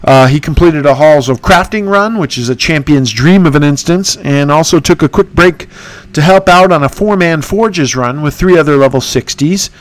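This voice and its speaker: A man's voice: a little high, normal speed. A man hosting a casual gaming podcast, rambling and poking fun at himself, with lots of "uh"s. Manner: rambling, self-mocking, many fillers. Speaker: podcast host.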